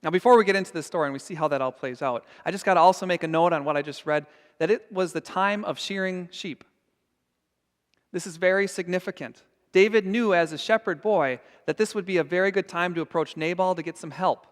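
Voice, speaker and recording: A man's voice: high-pitched, fairly quick, big-room sound. A man preaching a sermon as pastor, earnest and emphatic. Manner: earnest and emphatic, acting out scenes. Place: church sanctuary.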